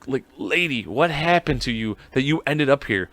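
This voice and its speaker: A man's voice: medium pitch, expressive, normal speed, a bit bright, no echo. A man hosting a podcast alone, chatting casually in a rambling, profane, self-mocking way. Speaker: podcast host. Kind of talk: casual solo chat.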